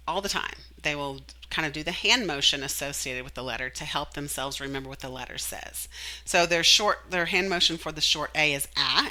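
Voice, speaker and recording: A woman teacher explaining a reading method, animated, singing the letters and acting out the sounds. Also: deep voice, rough recording. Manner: animated, demonstrates sounds and sings.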